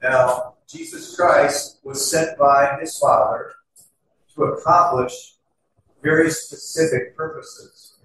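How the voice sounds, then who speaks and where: A middle-aged man preaching a sermon in an earnest, conversational way, with many fillers, slowing to stress scripture words. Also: a little high, steady tone, a bit bright. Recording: echoey hall, distant mic.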